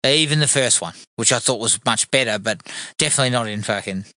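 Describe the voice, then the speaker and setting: A man's voice: mid-range voice, fast talker, no echo, studio quality. Laid-back man chatting films. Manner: relaxed, sweary, agreeable. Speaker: podcast co-host. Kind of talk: casual film review chat.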